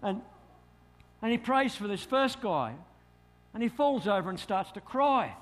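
A middle-aged Australian man, a pastor telling a lively story in a sermon and acting out his own thoughts. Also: high-pitched, unhurried.

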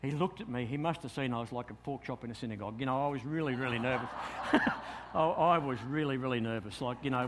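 A middle-aged Australian pastor tells a lively story during a sermon, acting out his own thoughts. He talks fast in a medium pitch, and there's a little hiss or hum on the recording.

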